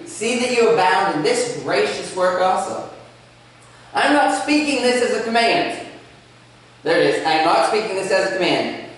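A man preaching a sermon as pastor, animated, with light humor in his storytelling. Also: high voice. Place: church sanctuary. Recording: echoey church, speaker far from mic.

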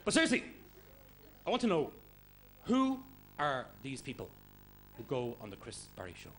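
A man doing stand-up comedy, loud and energetic, swearing and mimicking for the crowd. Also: mid-range voice, normal speed. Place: comedy club stage before audience. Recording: noisy live club recording.

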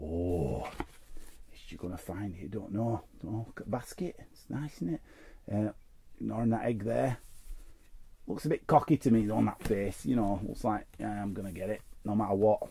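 Host, gravelly voice, chatty and joking while opening packs. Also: male voice, fairly low pitch, animated, moderate pace, long pauses, dark tone, a little hiss or hum. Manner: jokey asides, reads cards aloud. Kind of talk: casual pack-opening commentary.

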